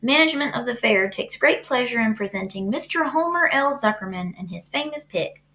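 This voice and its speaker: A woman reading aloud, voicing a pompous male loudspeaker announcer at a fair with grand, drawn-out announcing. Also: fairly high pitch, expressive.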